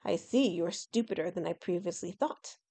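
A woman's voice: lowish voice, fairly quick, warm tone, breathy edge. Proud male dragon, lofty and condescending, old-fashioned talk; woman reader voicing. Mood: scornful. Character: proud haughty male dragon, scornful of humans.

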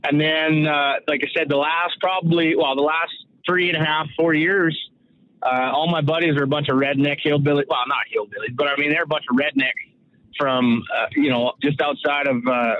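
A man's voice: on the high side, moderate pace. Saskatchewan man on a tinny phone line. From Canada, Saskatchewan. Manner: relaxed rambling storyteller, laughs often. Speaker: guest. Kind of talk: casual interview over the phone. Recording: phone-like narrow sound.

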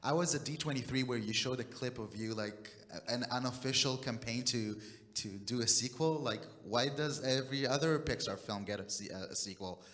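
A man's voice: mid-range voice, moderate pace, fairly bright tone. Man asking a rambling question. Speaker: journalist. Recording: long hall reverb.

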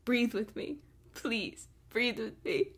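Controlling young boyfriend, soft and low, reassuring; a woman puts the voice on. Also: slow, husky, heavily acted. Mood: soothing. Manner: soothing, low and hushed. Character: calm, controlling young male love interest. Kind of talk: reading chatbot replies aloud.

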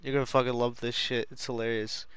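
A man's voice: mid-range voice, level tone, fast talker, fairly bright tone, clean tone. A man chatting casually, rambling, giggling and swearing as he talks. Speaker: friend chatting. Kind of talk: casual chat.

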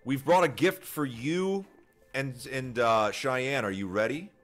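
A man's voice: mid-range voice, measured pace, a bit bright, faint music behind. A man chatting casually while playing a game with a friend, playful and teasing. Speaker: fellow player. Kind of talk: casual chat while gaming.

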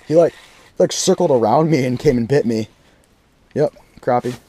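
A young man talks into an action camera out on the ice, narrating each bite. He sounds excitable and slangy and keeps bursting into loud exclamations. His voice sits at an ordinary middle pitch for a man. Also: moderate pace, slight background noise. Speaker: fishing vlogger. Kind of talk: excited play-by-play while fishing. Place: ice fishing on a frozen lake in deep cold.

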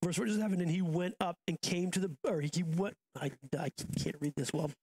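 A man's voice: high-pitched, fairly quick, a little mellow, husky. A man in his thirties, a pastor preaching a sermon in a casual, conversational way, often restarting and going off on asides. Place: church auditorium.

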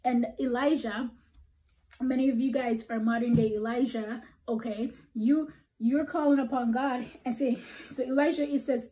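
A woman's voice: on the high side, fairly even intonation, moderate pace, warm tone, poor audio. A woman preaching a prophetic encouragement message, emphatic and repeating "okay?", sometimes dropping to a whisper. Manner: emphatic, tags "okay?" after points, drops to whispers.

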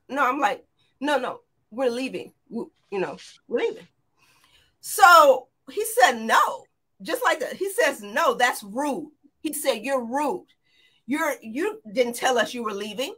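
A middle-aged woman with a high, bright, forceful voice tells her story as an interview guest. She talks in an animated, excited rush, breaking off and restarting her sentences. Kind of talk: emotional storytelling.

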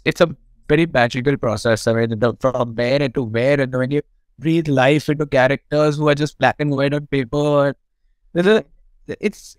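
A middle-aged man with an Indian English accent, a film director guest on a podcast, telling lively anecdotes, swearing freely and laughing often. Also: on the high side, smooth, no room sound, poor audio. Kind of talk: casual podcast storytelling.

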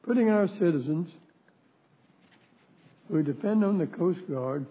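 A frail man gives a formal committee speech in a Senate hearing room. He talks very slowly and deliberately, repeating his points for emphasis. His voice is husky and mellow, and sits a touch high. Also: expressive. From West Virginia. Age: 90s.

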